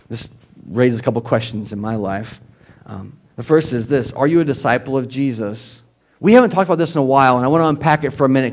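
A man giving a conversational sermon as a pastor, animated and relaxed, asking his listeners questions. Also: medium pitch.

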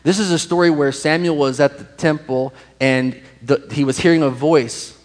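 A man preaching a sermon, telling a Bible story with lively acted-out quotes and stretches of soft, hushed speech. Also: fairly high pitch, normal speed, in a large hall, low-quality recording. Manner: animated storytelling, acts out quoted voices, drops to soft hushed tones. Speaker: pastor.

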